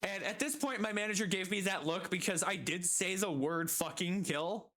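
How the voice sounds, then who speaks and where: A woman's voice: on the low side, normal speed, a bit bright. A woman streamer telling a story casually while gaming, exasperated and swearing constantly.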